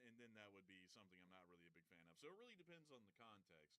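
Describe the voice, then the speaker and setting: A man's voice: lowish voice, animated, racing, few pauses, clear, resonant tone, no room sound, poor audio. A man hosting a news livestream in casual commentary, joking around between news items. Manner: jokey, puts on loud silly voices for gags.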